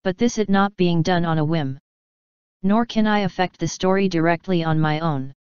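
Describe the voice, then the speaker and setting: A woman voicing a calm, wise female narrative spirit in a storybook reading, earnest and measured. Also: on the low side, smooth, no room sound, lo-fi sound, natural voice.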